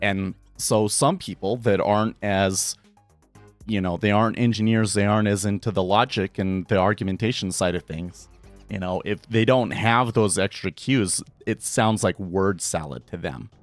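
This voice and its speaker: A man's voice: lowish voice, normal speed, dry recording, soft background music. A man talking casually on a live trading stream, thinking aloud with frequent restarts and tangents.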